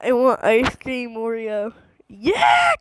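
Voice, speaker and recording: Woman, high voice, slow delivery, giggly gaming streamer on a handheld mic. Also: no room sound, poor audio. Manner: giggly, excitable, laughs a lot. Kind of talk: casual gameplay chatter. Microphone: handheld microphone.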